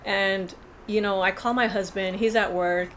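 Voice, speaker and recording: A woman's voice: medium pitch, steady tone, measured pace, a bit bright, a little hiss or hum. A woman vlogger telling a personal story in a casual, earnest, rambling way with many fillers.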